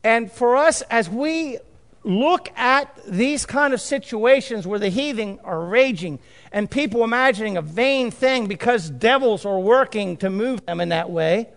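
A man's voice: extremely high pitch, animated, a little slow, creaky, fairly bright tone. A man preaching a sermon, emphatic, repeating and drawing out key phrases. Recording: long hall reverb.

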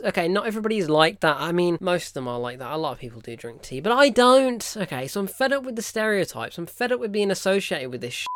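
A man's voice: a little high, very animated, fast, hardly any pauses, fairly bright tone, no room sound, studio quality. A British man hosting his own film review show, ranting in exasperation and cutting off half-said curses. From United Kingdom. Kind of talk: casual spoken film review.

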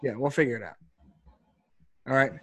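A man co-hosting a casual sports podcast, talking in an animated, rambling way and laughing often. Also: mid-range voice, moderate pace, no room sound. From Philadelphia area. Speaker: podcast co-host.

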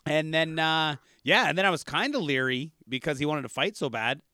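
A man with a slightly high voice rambles through stories, laughing as he goes. He is a comedian chatting casually over a video call. The sound is dry, with no room echo at all. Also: moderate pace, bright, forceful tone. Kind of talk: casual storytelling chat. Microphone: remote video call.

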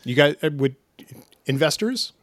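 A man, the show's technical producer, earnestly pitching a silly business idea with small hesitations. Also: lively intonation, unhurried, a bit bright, dry recording. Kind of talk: comedy podcast banter.

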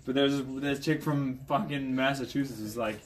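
A man's voice: mid-range voice, steady tone, moderate pace. A man in casual podcast chat, swearing freely and rambling with frequent laughs. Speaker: skydiver and podcast guest.

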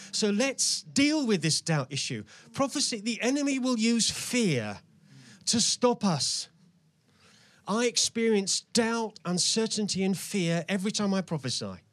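A man's voice: high voice, dry recording. A man preaching and leading prayer in an earnest, urging manner, his emphasis rising and falling. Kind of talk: sermon with prayer.

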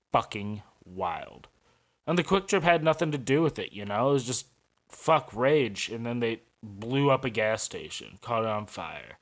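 Ranting, crude St. podcaster. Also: male voice, medium pitch, a bit bright. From St. Louis, USA. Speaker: podcast host. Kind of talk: profane podcast monologue.

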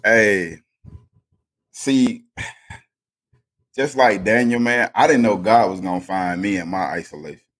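A man's voice: lowish voice, unhurried, pauses often, fairly bright tone. A man co-hosting a faith podcast, talking in an emphatic, preachy storytelling way. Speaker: podcast co-host. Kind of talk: casual faith podcast chat.

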